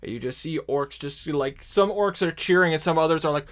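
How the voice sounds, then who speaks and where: A man's voice: on the high side, normal speed, few pauses. A man narrating a tabletop game as game master, rambling with frequent restarts.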